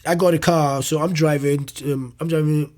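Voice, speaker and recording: A young man, a comedian guest, telling a personal story in an interview, animated and loose, with swearing and restarts. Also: fairly high pitch, normal speed.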